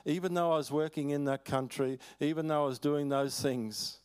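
An older Australian man preaching a sermon, telling stories in a folksy way with chuckles and halting restarts. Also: on the high side, steady tone, darkish tone, clean tone. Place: church hall.

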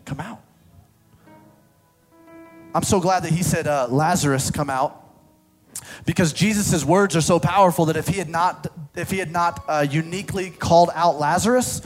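A man preaching a sermon, swinging from loud, excited reading to quiet, intimate appeals, with playful asides. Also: a little high, normal speed. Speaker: pastor. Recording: soft music underneath.

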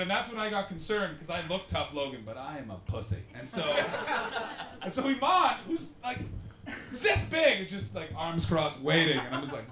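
A comedian telling jokey stories to a live audience and acting out the people in them. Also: male voice, high voice, moderate pace, roomy sound, crowd noise. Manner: animated, jokey, acts out the people in his stories. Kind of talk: live podcast storytelling with an audience.

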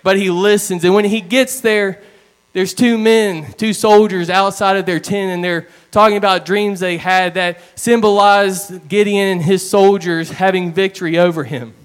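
Smooth, higher-voiced man preaching a sermon. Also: fairly even intonation, moderate pace. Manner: earnest storytelling with plain retellings.

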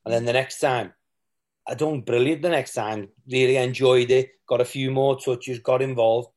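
A man's voice: mid-range voice, steady tone, normal speed, a little mellow. Man, former footballer, rambling anecdotes, quotes people mid-story. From England. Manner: rambling, with restarts and quoted asides. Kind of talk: candid interview storytelling.

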